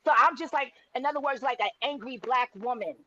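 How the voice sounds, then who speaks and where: A woman with a high voice co-hosts a casual gossip chat. She retells stories by acting out each person's lines and keeps cutting in with "wait, wait". The recording sounds dull and lo-fi. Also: fairly quick, a loud crowd. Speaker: podcast co-host.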